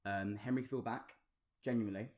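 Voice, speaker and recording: A man co-hosts a casual podcast in an easygoing, halting way. He restarts his sentences and drops friendly asides. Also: lowish voice, fairly even intonation, reverberant. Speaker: podcast co-host. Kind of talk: casual chat.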